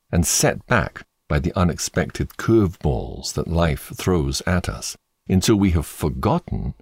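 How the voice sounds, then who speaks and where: A man narrates in a solemn, earnest, scripted manner, reading a letter aloud. His voice sits extremely low and he takes his time over every phrase. The recording is dry, with no room sound. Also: dry recording.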